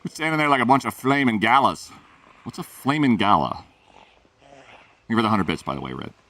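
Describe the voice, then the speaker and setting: A man's voice: medium pitch, very animated, a little fast, bright, forceful tone, recorded from a distance. A man streaming a game, chatting and joking with his chat as he plays. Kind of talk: casual gameplay commentary. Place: room at home.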